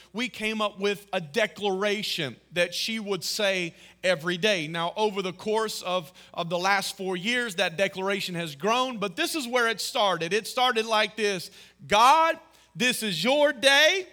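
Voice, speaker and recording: A man in his thirties preaching a sermon as pastor, telling family stories with emphatic, rising exclamations. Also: sits high. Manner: emphatic, storytelling, rises to loud exclamations.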